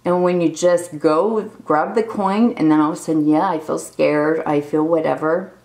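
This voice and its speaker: A woman in her forties speaks straight to her viewers in a raw, unplanned video diary. Her lowish voice carries a gravelly fry, and she rambles openly and emotionally through her feelings. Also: steady tone, moderate pace, darkish tone, poor audio. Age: 40s. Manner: candid, emotional, rambling confessional talk. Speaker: vlogger. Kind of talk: unscripted personal video diary.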